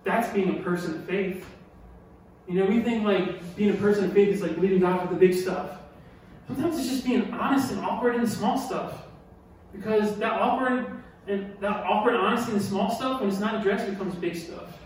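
A man preaching a sermon, animated and emphatic, who repeats key lines and asks his listeners questions. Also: sits high, normal speed. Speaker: pastor. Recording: echoey hall from far off with faint noise.

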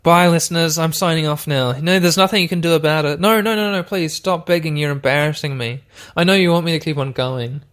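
A man's voice: on the high side, brisk, hardly any pauses, a bit bright. A man talks through a text adventure on his own podcast. He rambles and mocks himself, and he keeps addressing his listeners directly. It sounds like a home podcast recording. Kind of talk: casual let's-play commentary.

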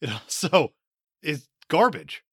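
A man's voice: a little high, very animated, takes it slowly, fairly bright tone, slightly rough, no echo, studio quality. A man co-hosting a podcast, chatting casually about movies with strong opinions and frequent laughter. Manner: opinionated, emphatic, laughs often. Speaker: podcast co-host.

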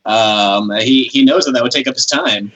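A man's voice: mid-range voice, moderate pace, fairly bright tone, highs cut off, slight background noise. A man co-hosting a comedy podcast, talking in a loose, rambling way and laughing through his jokes. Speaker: podcast co-host. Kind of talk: casual political comedy chat.

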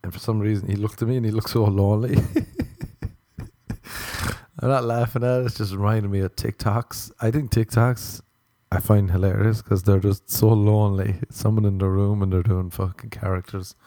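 Young male podcast host, meandering jokey monologue, low and mellow. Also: steady tone, moderate pace, dry recording, clean studio sound. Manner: self-mocking, meandering, swears casually. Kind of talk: rambling comedic monologue.

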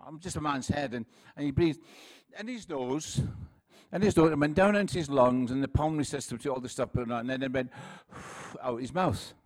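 A Scottish man in his sixties preaching to his congregation in a chatty, self-deprecating way, with plenty of laughs and restarts. His pitch sits right in the middle for a man. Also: a little fast, darkish tone. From Scotland. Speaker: pastor. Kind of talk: sermon with humorous anecdotes.

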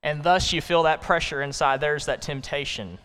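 A male pastor delivers a sermon to his congregation in a church sanctuary, speaking conversationally and emphatically with plenty of rhetorical questions. His smooth, resonant voice sits slightly high for a man and sounds a little bright, moving at a moderate pace. The large room gives off a long, lingering reverb.

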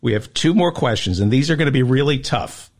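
A man's voice: mid-range voice, lively intonation, brisk. A man hosting a podcast, running a mock quiz and teasing his guest. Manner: teasing quizmaster. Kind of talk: casual podcast banter.

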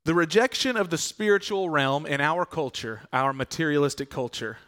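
Earnest male pastor, slightly higher voice. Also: moderate pace, a bit bright. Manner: conversational, earnest preaching with rhetorical questions. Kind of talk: sermon.

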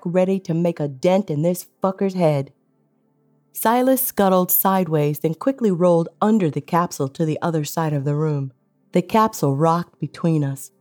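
A woman's voice: on the low side, a little mellow. A woman narrating a tense first-person action story in a dramatic, scripted audiobook reading.

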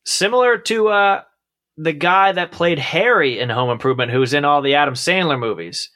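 A man's voice: fairly high pitch, moderate pace, pushed and bright. A man co-hosting a casual movie chat, easygoing with wry asides. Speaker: podcast co-host reviewing movies.

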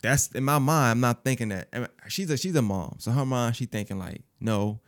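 A man's voice: mid-range voice, fairly quick. A man telling a personal story in casual, profane speech, acting out other people's lines as he goes. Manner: animated, profane, acts out quoted voices.

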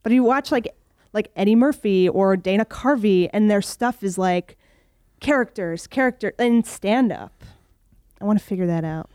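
Chatty young woman with a warm, dry sound. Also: mid-range voice, normal speed, smooth, dry recording. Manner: chatty, lots of "like" fillers, animated. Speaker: comedian guest. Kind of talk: casual podcast chat.

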